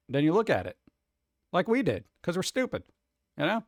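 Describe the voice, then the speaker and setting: A man's voice: a little high, sing-song, fast, dry recording, clean studio sound. Rambling, jokey man streaming. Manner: rambling, jokey, sarcastic asides. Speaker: livestream host. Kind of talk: casual livestream chat.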